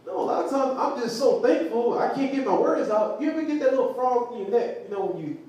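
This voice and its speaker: A man teaching the Bible to a group, animated and laughing, often asking the crowd questions. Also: very high voice, fast talker. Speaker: preacher. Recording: echoey room from far off, faint noise.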